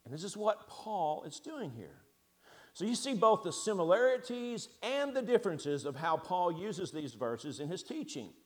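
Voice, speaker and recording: A man preaching a sermon as pastor, asking his listeners rhetorical questions and swinging from loud emphatic stresses down to quiet asides. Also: high voice. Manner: asks the congregation rhetorical questions.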